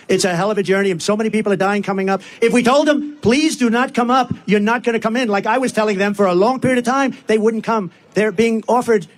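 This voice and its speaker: A man's voice: high-pitched, a little hiss or hum. A man giving a rambling, repetitive campaign speech at a rally, talking straight to the crowd. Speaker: political candidate at a rally. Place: rally before a live crowd.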